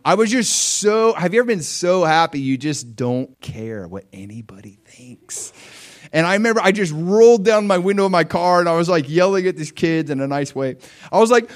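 A man preaching a sermon as a personal story, conversational with fillers and questions to the listeners, swinging from hushed tones to loud shouts. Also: fairly high pitch, very animated, moderate pace. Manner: emotional storytelling with big swings from quiet to shouting.

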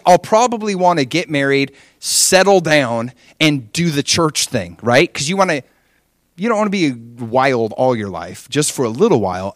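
A man from Hawaii gives his testimony in a sermon, acting out his younger self with lively shifts of voice. He throws in rhetorical questions as he goes. His voice sits at a middling pitch, and the recording is close and dry. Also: no room sound. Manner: animated storytelling with rhetorical questions. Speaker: preacher sharing his testimony.

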